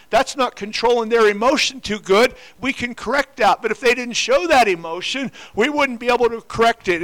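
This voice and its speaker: A man's voice: high-pitched, pushed and bright. An older man preaching a sermon to his congregation, repeating rhetorical questions. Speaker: pastor. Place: church.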